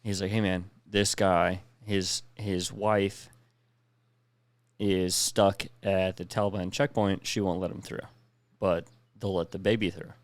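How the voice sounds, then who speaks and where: Low-voiced man telling a war story. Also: level tone, unhurried, no room sound. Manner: profane, recounts with quoted dialogue. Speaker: podcast co-host, veteran. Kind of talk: casual storytelling.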